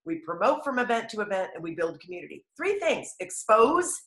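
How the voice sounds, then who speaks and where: A woman giving an energetic, enthusiastic motivational training talk to a sales team, telling stories with animated emphasis. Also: medium pitch, a little fast, reverberant. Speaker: network marketing trainer.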